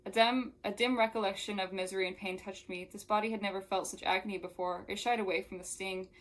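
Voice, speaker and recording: A woman's voice: medium pitch, fairly even intonation, fast. A young woman who reviews books, reading a novel aloud and breaking off into casual, exasperated asides. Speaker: book reviewer.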